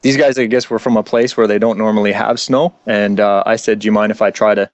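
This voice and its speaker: A man's voice: lowish voice, fairly even intonation, fast, dry recording, dull audio. A man who is a guest actor on a casual podcast interview, telling stories and laughing often.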